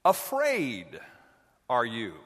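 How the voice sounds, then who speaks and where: A man voicing a tiny, ancient, wise alien master who speaks slowly with words turned around. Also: medium pitch, wildly swooping pitch, a bit bright, pitched below the performer's own voice, full character voice. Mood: probing. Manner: inverted word order, slow and drawn out. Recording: echoey hall.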